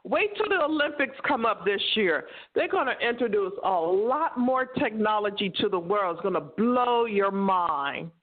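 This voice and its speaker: A middle-aged American woman, a guest on an interview show, chatting in an animated way, laughing often and acting out the voices in her stories. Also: medium pitch, normal speed, hardly any pauses. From United States. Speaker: guest, co-host of a cooking show. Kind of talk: casual interview chat. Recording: tinny phone-like line.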